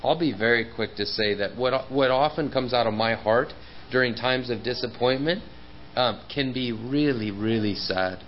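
A man's voice: mid-range voice, normal speed. Earnest male preacher, conversational sermon delivery, slightly muffled church recording with faint hiss. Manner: earnest and personal, with many fillers and repeated words.

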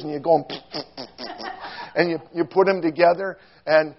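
A man preaching a sermon, telling a funny childhood story in an animated, self-mocking way and acting out quotes with squeals and shouts. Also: a little high, measured pace, dull audio, a little hiss or hum.

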